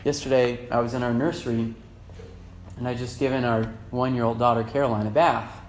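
A man in his thirties preaching a sermon as pastor, moving between loud fervent emphasis and soft reflective passages. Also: mid-range voice, steady tone, brisk. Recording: echoey church room with faint hum.

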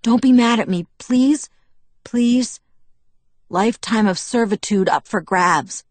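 A woman voicing an eager, remorseful teenage werewolf boy who rushes and trips over his words, in an audiobook reading. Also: fairly low pitch, lively intonation, no echo. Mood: pleading.

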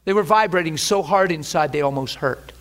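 A man preaching a sermon, telling a personal testimony in an animated way, often laughing as he speaks. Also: fairly high pitch, fairly quick. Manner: animated, laughing testimony with sudden shifts between hushed and excited. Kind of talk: sermon storytelling.

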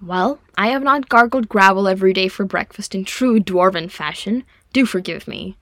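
A woman's voice: mid-range voice, normal speed, a bit bright, no room sound, close to an everyday voice. A woman voicing a graceful male elf with a dry wit and formal, old-fashioned speech. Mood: wry. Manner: poised, archaic speech.

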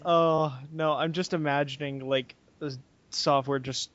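A man's voice: a little high, fairly even intonation, a little slow, fairly bright tone. A young man co-hosting a casual podcast, laid-back and hesitant, with fillers and laughs. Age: young adult. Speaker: podcast co-host. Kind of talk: casual chat. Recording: dull lo-fi audio.

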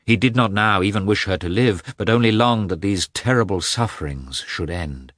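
Low-voiced guy reading an audiobook, slow and dry, close mic. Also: fairly bright tone, no echo. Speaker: audiobook narrator. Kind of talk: scripted narration.

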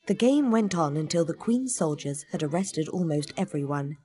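Storybook narrator, woman, lowish voice, lively expressive delivery. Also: normal speed. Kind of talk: children's storybook reading.

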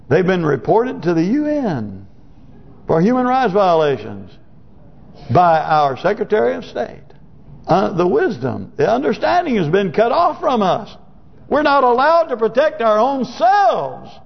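A man's voice: fairly high pitch, creaky. A man preaching a sermon, reading scripture in old wording and then explaining it in plain talk, rising to emphatic peaks. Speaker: pastor. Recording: dull lo-fi sermon recording.

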